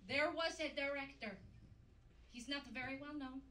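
Woman putting on a brash French-Canadian diva, high voice, sing-song, live club stage, audience noise, echoey room. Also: moderate pace. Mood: boastful, campy. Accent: put-on French-Canadian. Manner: loud, campy, sing-song, bursting into shouts. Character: brash diva female singer, vain, flirty, over-the-top. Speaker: comedian doing a character impression. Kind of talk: live stand-up character act. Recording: roomy live venue from far off, audience noise.

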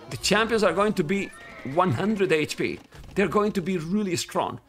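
Male esports caster, Spanish accent, native Spanish speaker, high and sharp voice, excitable, yells at players. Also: moderate pace, faint music behind. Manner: excitable, talks to viewers as guys, bursts into yelling at players. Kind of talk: live game commentary.

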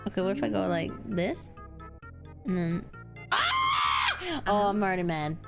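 A woman streamer playing a game live, yelling and swearing at it. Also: on the low side, fairly quick, creaky, over music.

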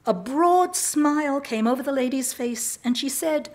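A woman from England, reading aloud a humorous personal story in a lively, self-mocking way. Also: high voice, a little slow, hardly any pauses. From southern England. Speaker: writer reading her work.

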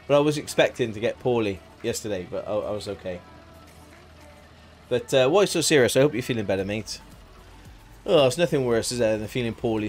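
Male streamer, friendly running chat with viewers, faint music underneath. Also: mid-range voice. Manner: chatty, greets viewers by name. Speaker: game streamer. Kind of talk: casual live-stream chat.

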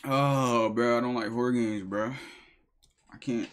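A man's voice: mid-range voice, steady tone, measured pace. A young man streaming a horror game live, panicky and slangy, swearing as he plays. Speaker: gaming streamer. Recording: voice over loud game music. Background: loud eerie game music.

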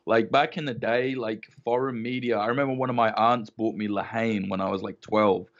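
A man's voice: fairly low pitch, fairly quick. A man in casual podcast chat, swearing often and telling stories with animation. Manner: swears a lot, animated storytelling. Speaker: podcast guest. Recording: muffled lo-fi audio.

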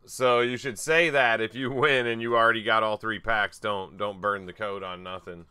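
A man's voice: fairly low pitch, fairly even intonation, normal speed, pushed and bright, smooth. A man hosting a casual livestream giveaway, reading out viewer names and chatting easily. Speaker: livestream host.

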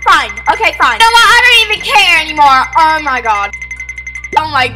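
A woman voicing a loud, obnoxious copycat teen girl in a roleplay game, whiny and dramatic. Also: high voice, sing-song, brisk, loud music behind the voice. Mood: indignant.

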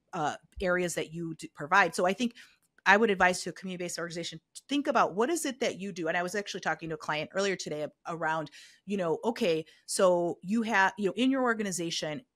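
A woman's voice: on the low side, fast talker, fairly bright tone, no room sound, studio quality. A middle-aged woman, a health equity consultant, explaining her views as an interview guest in a thoughtful way, often saying "you know". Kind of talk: conversational expert interview.

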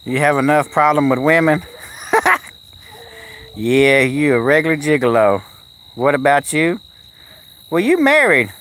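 Folksy man, fairly high voice. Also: big pitch swings, a little slow, pauses often, a bit bright, slight background noise. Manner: folksy, coos at animals and answers chat. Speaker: kennel owner live-streaming. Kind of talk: casual live-stream chat. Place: outdoors at a kennel.

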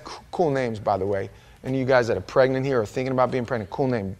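A man's voice: medium pitch, quick pace, darkish tone. Chatty joking pastor, a man. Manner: chatty and joking, bantering with the congregation. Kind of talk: informal Bible-study sermon. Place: church sanctuary.

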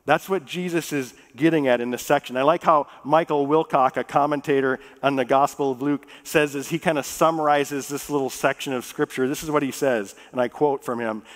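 A man preaching a sermon as pastor. He talks in a relaxed, conversational way, jokes with the congregation, and slows down to read scripture. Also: medium pitch. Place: church sanctuary. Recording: long reverb of a church hall.

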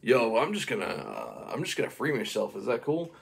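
A slangy, easygoing monkey genie from a homemade bedtime story, as a man puts him on, with a gravelly edge. His lines come offhand and drawling over a noisy home recording. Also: mid-range voice, huge pitch swings, fairly quick. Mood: laid-back. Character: laid-back male monkey genie, casual slang.

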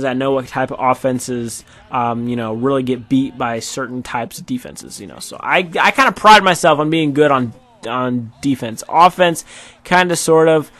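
A man's voice: medium pitch, fairly bright tone, dry recording. A tired man doing casual, rambling commentary over his football video game match, with many fillers. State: tired, yawning. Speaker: gaming YouTuber.

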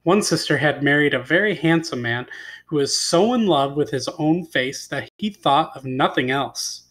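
A male teacher with a somewhat high voice reads a fairy tale aloud with expression. He stops often to ask his class questions about the story. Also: fairly bright tone. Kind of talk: reading a story aloud to students.

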